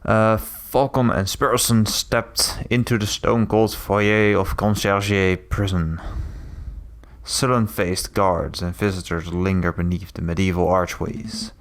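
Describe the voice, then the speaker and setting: A man's voice: lowish voice, little pitch movement, unhurried. A man reading a story game aloud with offhand asides, game music behind. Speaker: game player.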